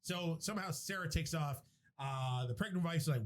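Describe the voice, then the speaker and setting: At normal speed and on the high side in pitch, a male podcast host casually retells a movie plot. The account rambles and restarts, peppered with profanity.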